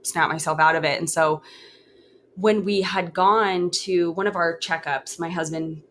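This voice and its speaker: Earnest, halting woman telling her story. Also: fairly low pitch, steady tone, a bit bright, a little hiss or hum. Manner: earnest, halting, with many restarts and fillers. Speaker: podcast guest. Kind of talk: candid conversational storytelling.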